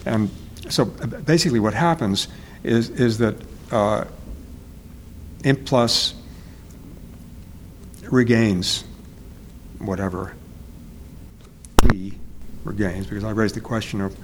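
A man being interviewed as an author, speaking in a halting, reflective way and often searching for words. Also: lowish voice, background noise.

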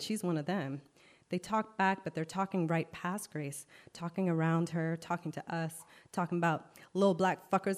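A woman's voice: low voice, darkish tone. A woman performing a spoken word poem, rhythmic, shifting between narration and voiced lines from a crowd.

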